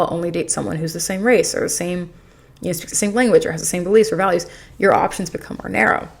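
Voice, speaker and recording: A woman vlogger with a lowish, gravelly voice chats her way through a rambling storytime, filled with fillers. She records it on a desk mic in her apartment in a noisy city.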